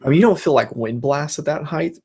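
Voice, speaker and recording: A man's voice: on the high side, a little fast, darkish tone, breathy edge. A man in his thirties hosting a casual chat, rambling and swearing, laughing through his own stories. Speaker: channel host.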